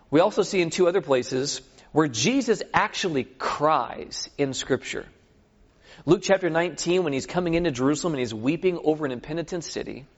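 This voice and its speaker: A man preaching a sermon, telling scripture stories with animated retellings and checking in with his listeners. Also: on the high side. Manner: animated storytelling, acts out scripture scenes; asks the audience for agreement. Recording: dull lo-fi recording.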